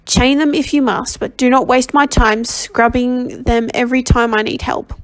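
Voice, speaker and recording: A crisp, kindly ship's doctor giving orders in a storybook reading, as a woman reads him. He sounds businesslike and in charge, and his voice stays fairly high. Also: fairly even intonation, moderate pace, no echo, lightly acted, poor audio. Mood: brisk. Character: brisk kindly ship's doctor, middle-aged man.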